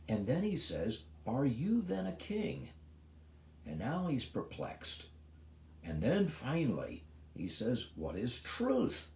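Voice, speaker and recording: A middle-aged man giving a devotional Bible teaching as a pastor, moving between emphatic lines and hushed ones. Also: medium pitch, echoey room. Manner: expressive, swings from emphatic to hushed.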